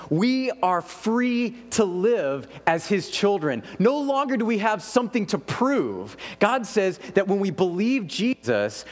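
A man preaching a sermon as pastor, earnest and emphatic, with pauses for weight. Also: fairly high pitch, in a large hall. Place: church sanctuary.

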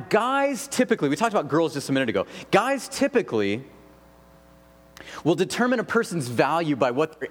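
A man preaching a sermon as pastor, earnest and emphatic, with pauses for weight. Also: sits high, long reverb tail. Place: church sanctuary.

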